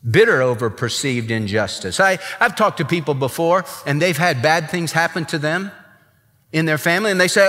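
Male pastor, sermon, emphatic, somewhat high voice, long church echo. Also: animated, moderate pace, pushed and bright. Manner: emphatic, dramatic preaching. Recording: long reverb, church hall.

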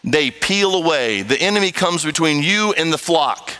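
A man's voice: a little high, normal speed, smooth, poor audio. A man preaching a sermon, reading scripture aloud and acting out the people he quotes. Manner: animated, acts out quoted voices.

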